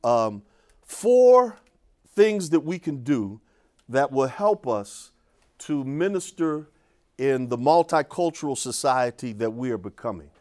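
An older man who teaches urban ministry, telling a story to an audience in an animated way and often restarting and repeating his words. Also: medium pitch, slow.

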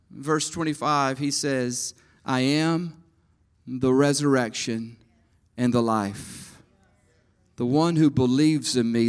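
A man preaching a sermon at a conference, swinging from hushed lines to shouts and asking the crowd to raise hands. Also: on the high side. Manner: talks with the crowd, asks for hands. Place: conference hall.

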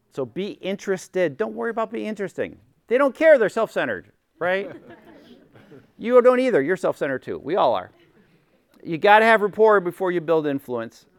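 Middle-aged man, animated teaching talk, swooping voice, dry close sound, slightly high. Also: dry recording. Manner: animated, acts out quotes, keeps checking in with "right?". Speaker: workshop speaker, former chaplain. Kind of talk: informal teaching talk to a group.

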